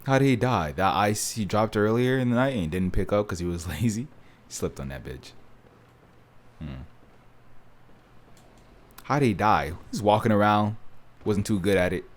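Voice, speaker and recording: Deep, lively man for a game let's play; casual, swearing, jumps from shouts to mutters. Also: moderate pace, long pauses. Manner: animated, profane, swings between loud outbursts and mumbling. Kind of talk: casual gameplay commentary.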